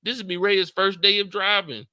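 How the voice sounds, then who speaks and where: Talking at a moderate pace, a man casually reacts to a TV show with plenty of profanity and energy, squealing and shouting in a high voice to reenact scenes. There is no reverb in the recording.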